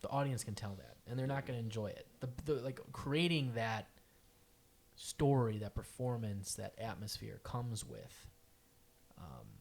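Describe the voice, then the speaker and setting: A young man hosting a casual podcast chat, animated and profane, acting out quotes in loud bursts. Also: medium pitch. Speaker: podcast host.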